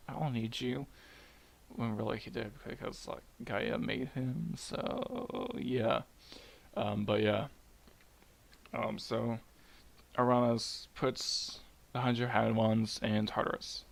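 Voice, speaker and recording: A young man retelling a myth casually at home, muttering quietly and rambling with jokes. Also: lowish voice, flat delivery, takes it slowly, vocal fry. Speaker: storyteller. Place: home at night.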